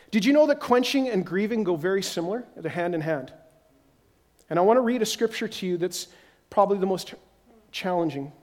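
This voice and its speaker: A man preaching a sermon as pastor, telling stories animatedly and acting out the voices of the people in them. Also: high voice. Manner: animated storytelling, acts out quoted voices.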